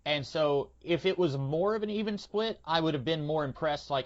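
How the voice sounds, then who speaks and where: A man's voice: fairly high pitch, expressive, moderate pace. Opinionated male podcast host, rambling. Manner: rambling, opinionated, frequent hesitations. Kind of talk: casual movie discussion. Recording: lo-fi audio.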